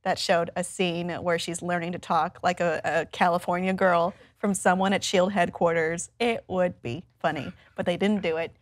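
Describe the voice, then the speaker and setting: A woman co-hosting a casual pop-culture discussion, animated and opinionated, laughing often. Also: on the low side, normal speed, few pauses, no echo. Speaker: co-host.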